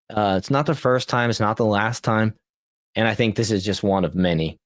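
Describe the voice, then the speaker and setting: Male podcast host, low voice, casual commentary reading posts, laughs a lot, fumbles and restarts, dry close sound. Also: moderate pace, no echo. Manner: laughs often, restarts and corrects his reading.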